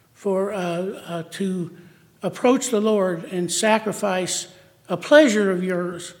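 A high-pitched man delivers a sermon, stopping and restarting his phrases and correcting himself mid-thought. His voice rings out with a long reverb, as if recorded in a large hall. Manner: halting, with restarts and self-corrections.

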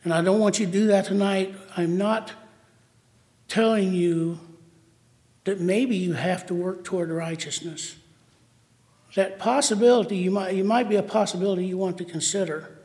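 High-voiced man preaching in an echoey hall. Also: darkish tone. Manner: halting, with restarts and self-corrections. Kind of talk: sermon. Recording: long hall reverb.

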